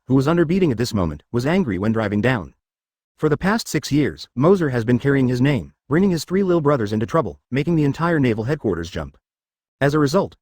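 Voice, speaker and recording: A man's voice: medium pitch, darkish tone, no echo, clean studio sound. A man reading a story as narrator in a mechanical way, saying symbols and numbers aloud. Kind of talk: scripted narration.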